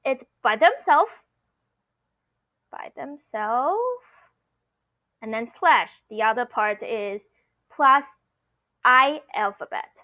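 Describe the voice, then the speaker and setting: Slow-talking teacher woman. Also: fairly high pitch, animated, highs cut off. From Taiwan. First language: Mandarin. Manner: patient, explaining step by step with frequent "okay?". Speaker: Mandarin teacher. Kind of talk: online language lesson.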